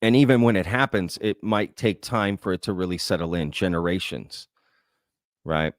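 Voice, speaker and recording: Low-voiced man hosting livestream. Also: normal speed, dry recording, clean studio sound. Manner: conversational, thinking aloud with frequent "right?" and "um". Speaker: host. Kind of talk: livestream Q&A, reading chat comments.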